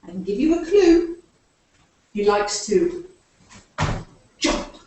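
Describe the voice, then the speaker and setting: A woman's voice: medium pitch, very animated, measured pace, warm tone. A woman leading a live story time for young children, playfully asking them to join in with actions. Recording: echoey room, far from the mic.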